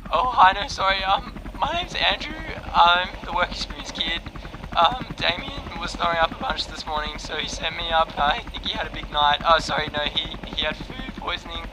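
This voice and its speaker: A man's voice: fairly high pitch, moderate pace, close to an everyday voice. A man playing a nervous, rambling young male work-experience kid. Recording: loud helicopter noise behind.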